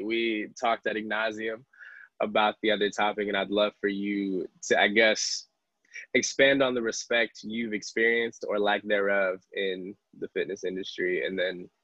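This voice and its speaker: A man hosting a casual panel discussion, talking in a loose, conversational way with lots of filler words and quick laughs. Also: on the low side, fairly bright tone, dry recording, dull audio. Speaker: host.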